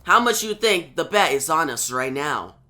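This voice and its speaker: A man reading the lines of a sardonic young woman mercenary in a comic recap, in a flat voice close to his own. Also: fairly high pitch, normal speed. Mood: teasing.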